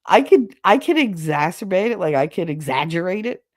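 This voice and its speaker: Low-voiced chatty woman livestreamer, thick American accent. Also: sing-song, moderate pace, dry recording, clean studio sound. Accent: thick regional American accent. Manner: chatty, swears casually, laughs often. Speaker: livestream host. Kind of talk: casual chat. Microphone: livestream setup.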